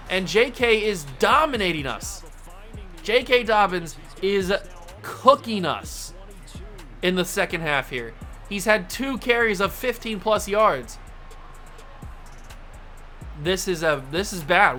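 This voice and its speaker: Bright, excitable male game commentator. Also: on the high side. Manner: excitable, yelling in frustration at the game. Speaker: gaming channel host.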